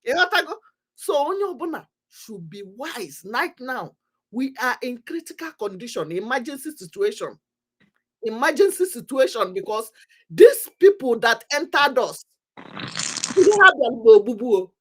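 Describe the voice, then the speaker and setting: A woman's voice: fairly high pitch, big pitch swings, a little slow, breathy edge. A woman with a Nigerian accent giving an impassioned, repetitive talk to her community, pressing urgency. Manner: emphatic, repetitive, preaching urgency. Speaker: commentator on community affairs. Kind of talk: impassioned talk mixing English, Pidgin and Igbo.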